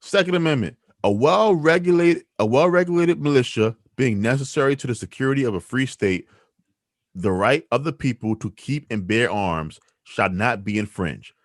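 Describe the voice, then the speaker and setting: A man's voice: mid-range voice, normal speed, no room sound, clean studio sound. A man co-hosting a weekly news talk show, arguing his opinions emphatically and rhetorically. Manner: animated, emphatic, rhetorical, with restarts. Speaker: co-host. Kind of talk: opinionated news commentary chat.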